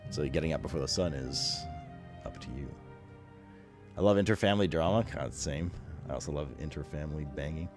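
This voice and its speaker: A man with a very low voice chats loosely with his stream audience, rambling, swearing freely and answering chat messages. Soft music plays faintly behind him. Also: brisk, long pauses. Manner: rambling, profane, reading chat aloud. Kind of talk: casual chat.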